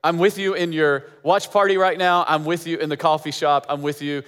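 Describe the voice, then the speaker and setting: A man's voice: fairly high pitch, fairly even intonation, fairly quick, a bit bright, clean tone, long reverb tail. A man preaching as pastor, emphatic and repeating phrases for effect. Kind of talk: sermon.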